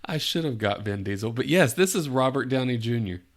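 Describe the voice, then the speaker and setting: A man's voice: medium pitch, expressive, fairly quick. Jokey male podcast host giving hints. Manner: jokey, gives playful hints, laughs often. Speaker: podcast host running a guessing game. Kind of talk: casual chat.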